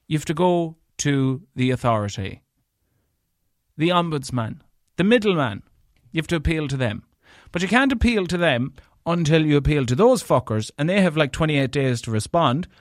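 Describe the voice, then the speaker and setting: A man's voice: fairly high pitch, animated, normal speed, no echo, studio quality. A man with an Irish accent hosting a podcast, telling an angry, profane story on his own. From Ireland. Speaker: podcast host. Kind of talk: solo storytelling rant.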